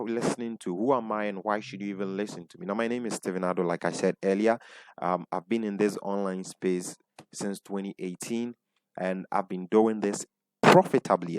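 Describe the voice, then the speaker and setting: A man's voice: low voice, a little mellow, no room sound. A man with a Ghanaian accent teaching an online webinar as a business coach, repeating his points and asking the audience questions. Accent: Ghanaian English. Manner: repeats points, asks the audience, frequent "right?" tags.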